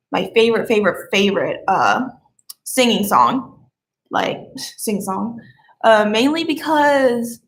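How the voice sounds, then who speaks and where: A young woman with a slight Southern lilt chats on a live stream, her voice sitting a little high. She rambles, giggles and loses her train of thought. A faint background hum sits under her voice. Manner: rambling, giggly, easily sidetracked. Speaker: livestreamer. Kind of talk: casual live stream chat.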